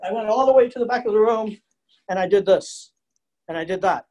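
A man's voice: high-pitched, brisk. Chatty man giving a virtual lecture. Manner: chatty, animated, asks the audience questions. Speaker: museum educator and presenter. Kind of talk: live virtual lecture with storytelling. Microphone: computer mic on a video call.

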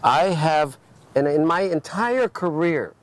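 An older man, a gallery owner, talking over lunch in a casual conversation, full of animated stories and frequent restarts. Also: on the high side, takes it slowly.

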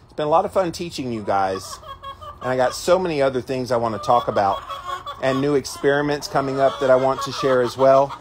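A man's voice: mid-range voice, fairly quick, background noise. A man hosting a casual livestream outdoors, talking emphatically and greeting viewers by name, with chickens clucking nearby. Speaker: livestream host.

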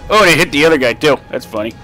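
A young man casually commenting on his gameplay as a let's play host, excitable and profane and often laughing, recorded on a desk microphone. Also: fairly high pitch, rapid-fire, soft background music.

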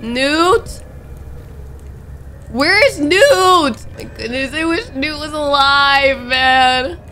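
High, bright-voiced jumpy woman gamer. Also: slow pace, a little hiss or hum. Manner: jumpy and dramatic, with frightened pleading and sudden shouts; casual slangy talk. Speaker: gaming YouTuber. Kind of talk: playing a horror game and reacting aloud.

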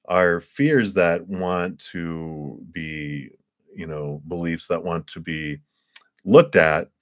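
A man giving live tarot readings in a gentle, rambling way with playful asides. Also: low voice, fairly even intonation, slow, no room sound, clean studio sound. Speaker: tarot reader.

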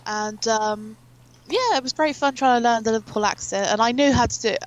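A woman's voice: a little high, expressive, fairly quick, poor audio. A young woman from England, an interview guest, telling long stories in a rambling, chatty way with many fillers. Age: young adult. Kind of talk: casual chat.

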